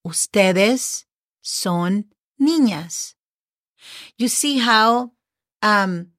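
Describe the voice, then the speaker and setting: A woman's voice: mid-range voice, fairly bright tone, dry recording, clean studio sound. A woman with a Spanish accent, a native Spanish speaker, teaching a casual language lesson, spelling out words and encouraging her listeners. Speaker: Spanish teacher, podcast host.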